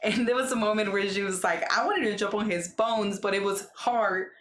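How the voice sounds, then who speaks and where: A woman's voice: medium pitch, normal speed, over music. Chatty woman recapping gossip, roomy echo. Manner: chatty, acts out quotes in lively voices. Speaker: recap vlogger.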